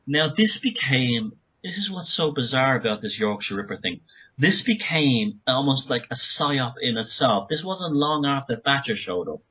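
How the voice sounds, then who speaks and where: A man talking as a guest author on a podcast interview, speaking urgently in rapid bursts with many restarts. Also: medium pitch, breathy edge, muffled recording.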